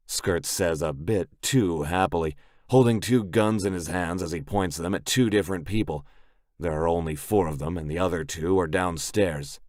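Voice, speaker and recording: A man reads a gritty audiobook in a very deep, gruff voice, intense and clipped. The recording is close and dry, with no room sound. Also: normal speed, no room sound. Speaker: audiobook narrator. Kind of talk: scripted first-person narration.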